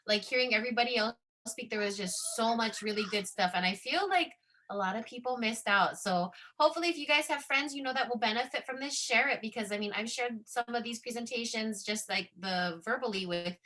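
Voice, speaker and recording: A woman's voice: a little high, brisk, sharp tone. A woman educator giving effusive thanks at the close of an online summit. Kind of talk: casual video call thanks.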